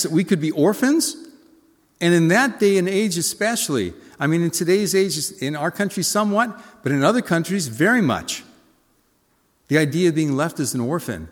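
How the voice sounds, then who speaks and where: A man's voice: on the high side, expressive, moderate pace, in a large hall. A man preaching a sermon, asking his listeners questions and acting out the voices of the people in the story. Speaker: pastor.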